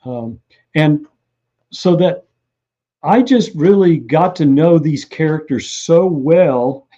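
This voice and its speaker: A man, an author being interviewed, telling lively stories and acting out what people said. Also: on the high side, slow pace, muffled recording. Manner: animated anecdotal storyteller who acts out quotes. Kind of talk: interview storytelling.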